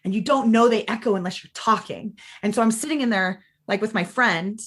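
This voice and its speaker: A woman's voice: mid-range voice, a little fast. Chatty woman acting out her own story. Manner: chatty, acts out quoted dialogue in changed voices, many "like" fillers. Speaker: interview guest. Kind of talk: casual storytelling in a podcast interview.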